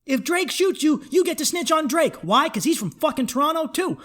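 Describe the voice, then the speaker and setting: A man's voice: extremely high pitch, animated, fairly quick, fairly bright tone. A man hosting a comedy podcast, ranting in a worked-up, profane, emphatic way.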